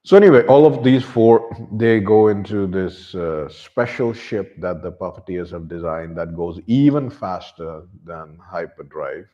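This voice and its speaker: A man casually retelling a science fiction novel's plot for viewers, with animated asides and frequent fillers. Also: sits low, measured pace, few pauses, muffled recording. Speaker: book reviewer. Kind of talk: casual book summary.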